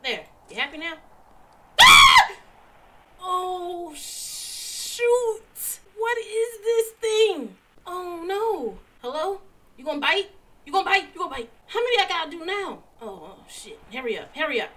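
A woman's voice: extremely high pitch, sing-song, normal speed, fairly bright tone. A woman with a Southern US accent hosting a horror game let's play, jumpy and exclaiming as she talks back to the game. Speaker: gaming channel host.

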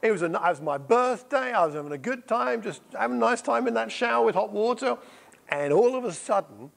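A man's voice: high voice, a little fast, vocal fry. A middle-aged man preaching in church, asking the congregation questions and telling a story with energy. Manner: lively storytelling, repeats answers back. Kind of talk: sermon with audience questions. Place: church hall.

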